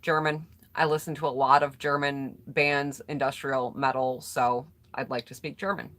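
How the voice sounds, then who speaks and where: Her pitch is extremely low and her delivery flat, though a bit bright, at a moderate pace. Still recovering from a cold, this chatty American vlogger reads tag questions out loud, answers them, and greets her viewers by name.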